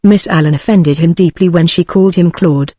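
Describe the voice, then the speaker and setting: A synthetic female text-to-speech voice with a British English accent, reading a novel as an audiobook narrator in an even, measured way. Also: on the low side, no room sound. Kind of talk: scripted narration.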